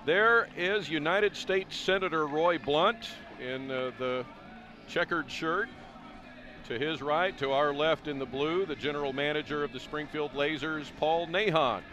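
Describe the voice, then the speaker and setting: A man's voice: fairly high pitch, a little slow, music in the background. A man doing live play-by-play commentary on a tennis broadcast in an upbeat, conversational way.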